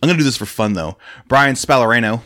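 A man's voice: medium pitch, lively intonation, quick pace, fairly bright tone. A male podcast co-host whose voice swings up and down as he talks. He rambles through crude, casual banter, teasing his partner and breaking into laughter.

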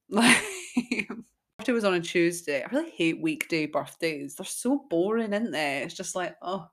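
A woman's voice: on the low side, lively intonation, normal speed. A woman, chatting casually as a podcast host and telling stories with frequent giggles. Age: 20s.

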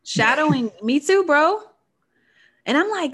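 A woman co-hosting a podcast in loose, casual conversation. She laughs often and gets lively and animated when she acts out her own thoughts, then settles into easy advice for listeners. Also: high-pitched, a little slow, pauses often. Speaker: podcast co-host. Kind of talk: casual chat.

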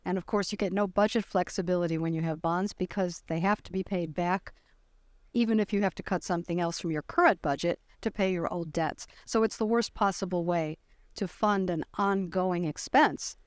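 A woman's voice: fairly low pitch, normal speed, dry recording. A woman guest commentator explaining fiscal policy in a dry, wry manner. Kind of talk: interview answers.

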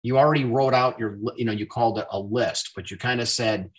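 A man hosting a relaxed interview, talking in an easy, conversational way. He tells stories and acts out the dialogue in them, with his voice sitting in an ordinary middle register. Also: mid-range voice, brisk. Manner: animated storyteller, acts out quoted dialogue. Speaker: podcast host. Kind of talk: casual interview chat.

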